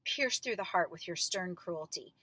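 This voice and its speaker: A woman reading the lines of a young lovesick man who pleads with the woman he loves, measured and rueful. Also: fairly low pitch, lively intonation, sharp tone, slightly rough, no room sound, heavily acted. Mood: wounded.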